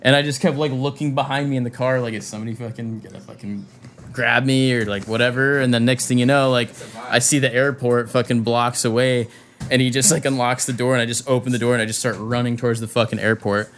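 A young man, a touring musician, telling a story in casual chat, animated and full of slang and swearing, acting out what people said. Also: mid-range voice, quick pace, a little hiss or hum. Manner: animated, heavy slang and swearing, acts out quotes.

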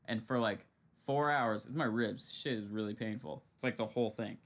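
A man's voice: medium pitch, moderate pace. A young man hosting a casual chat, telling slangy, profane stories and acting out the people in them. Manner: slangy and profane, storytelling with acted quotes. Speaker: podcast host.

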